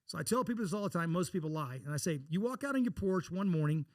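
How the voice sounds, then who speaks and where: A blunt, folksy man from Texas, speaking as an investor guest on an interview show. He talks at a fast clip in a fairly high register and slips into acting out the dialogue in his stories. The sound is close and dry. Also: animated, a little mellow, no echo. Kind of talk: casual interview storytelling.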